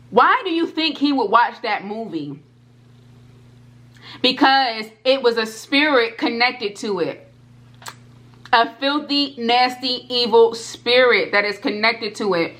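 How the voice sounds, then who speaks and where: A woman vlogger telling a personal story to her viewers, animated and repeating herself, talking straight to the audience. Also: medium pitch. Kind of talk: storytime vlog.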